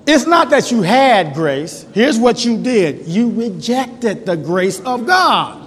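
A male pastor preaching a sermon in a church, swinging between loud, emphatic shouting and low, quiet passages. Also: sing-song, slow, slight background noise. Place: church sanctuary. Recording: long hall reverb.

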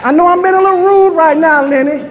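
A man preaching a fervent sermon to his congregation, calling out to them and often shouting. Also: very high-pitched, fast, in a large hall, a faint crowd. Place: church hall.

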